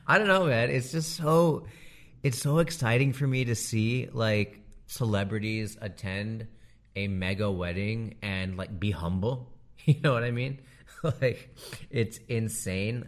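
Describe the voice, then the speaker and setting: Laughing, animated comedian riffing. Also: male voice, lowish voice. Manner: animated, laughing often, slangy. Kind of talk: casual comedic monologue.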